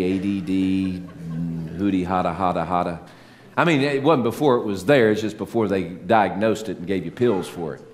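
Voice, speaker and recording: A middle-aged man preaching a sermon, animated, swinging between loud peaks and soft low asides, with self-mocking humor. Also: slight background noise. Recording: long hall reverb, faint ambience.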